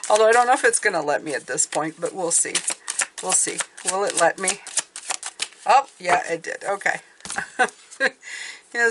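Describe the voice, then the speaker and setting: A woman's voice: mid-range voice, bright, forceful tone. A woman giving a casual, rambling intuitive tarot reading, often checking in with "okay?". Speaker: tarot reader.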